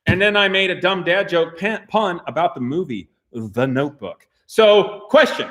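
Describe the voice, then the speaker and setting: A man with a high voice hosts a live stream from a workshop garage. He talks to his crew in an animated, joking way and laughs often. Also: normal speed. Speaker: host of a car channel.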